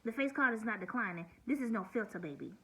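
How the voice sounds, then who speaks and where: A woman's voice: on the high side, animated, fast, sharp tone, breathy edge, poor audio. A woman in her forties, blunt and swearing, venting through a hurt, near-tearful personal vlog monologue. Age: 40s. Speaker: vlogger.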